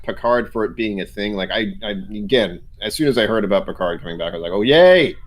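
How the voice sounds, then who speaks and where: A man with a low voice chats loosely as a co-host. He rambles, laughs often and restarts his sentences as he goes. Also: steady tone, fast talker, slight background noise. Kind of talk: casual chat.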